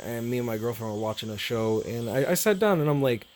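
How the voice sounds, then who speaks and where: A young man talking casually to his viewers, rambling and repeating himself, swearing freely, halting and emotional. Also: mid-range voice, expressive, a little mellow, a little hiss or hum. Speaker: streamer.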